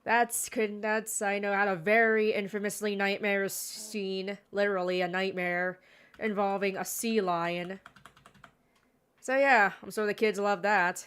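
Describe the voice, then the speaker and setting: A woman's voice: medium pitch, steady tone, unhurried, fairly bright tone, clean tone. A woman giving casual gameplay commentary, rambling with sarcastic asides. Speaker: gaming streamer.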